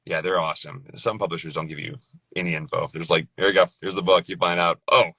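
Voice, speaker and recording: Laid-back low-voiced man, bright tone. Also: steady tone, fast, husky, no echo. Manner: laid-back, loose, laughs often, says "dude" and "like". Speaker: guest voice actor. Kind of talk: casual conversation.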